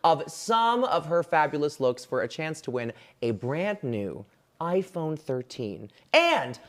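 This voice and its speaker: A co-host with a sassy, campy manner who keeps calling people "baby" on a playful live show. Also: female voice, sits low, sing-song, slow pace. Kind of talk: playful live-stream hosting.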